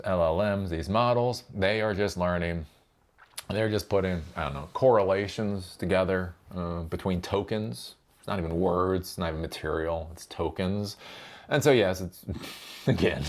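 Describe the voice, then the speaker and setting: Guy ranting on his tech channel, lowish voice, swings up and down a lot, sarcastic and sweary. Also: lively intonation, normal speed. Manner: sarcastic, profane, mocking; repeats phrases and rhetorical "right?". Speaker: tech commentary host. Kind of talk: ranting solo commentary.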